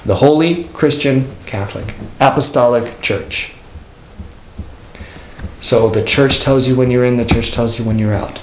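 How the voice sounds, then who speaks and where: A pastor with a medium-pitched voice teaches an informal catechism class at a measured pace, speaking conversationally. He jokes and acts out the people he quotes, recorded in an echoey church classroom with faint background noise.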